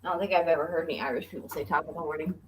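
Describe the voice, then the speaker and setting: A woman's voice: sits low, steady tone, rapid-fire, noisy background. A woman chatting casually on a livestream, easygoing and giggly, explaining things patiently.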